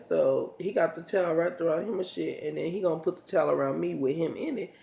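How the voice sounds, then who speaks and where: A man's voice: fairly high pitch, a little fast, vocal fry, mellow. A man telling a story to his vlog audience in blunt, profane casual talk, acting out each scene as he goes, in a roomy echoing room. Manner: blunt, profane, dramatic retelling.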